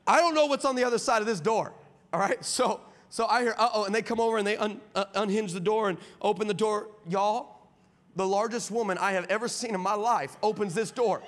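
A pastor from El Paso, Texas preaches a storytelling sermon in a large hall before an audience, acting out dialogue animatedly and building to emphatic points. His voice is high and fairly bright, a little fast, and the hall is reverberant.

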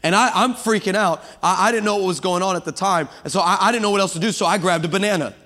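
A man preaching a sermon to a congregation, lively and humorous, building up to shouting passages. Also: high voice, quick pace. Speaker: guest preacher. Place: church sanctuary with congregation. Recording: long hall reverb.

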